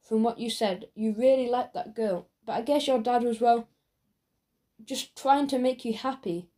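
A woman voicing a kindly, eccentric adult male shopkeeper who talks in a gentle, earnest, fussing way, in a storybook reading. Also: a little high, normal speed, natural voice.

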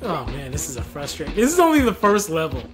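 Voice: medium pitch, wildly swooping pitch, quick pace. A young co-host in a casual let's-play, frustrated, swearing and muttering at the game. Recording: under loud game music.

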